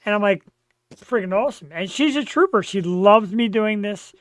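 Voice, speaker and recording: A man's voice: high voice, lively intonation, moderate pace, fairly bright tone, dry recording. A man hosting a live show from his home studio, chatting casually in a brash, profane way. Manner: brash, profane, hypes the audience. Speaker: show host.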